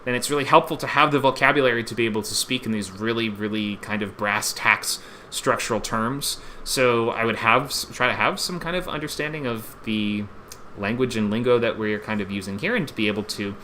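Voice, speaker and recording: A man's voice: medium pitch, brisk, bright, forceful tone, slight background noise. A man hosting a live-streamed online screenwriting class, upbeat and chatty and laughing often.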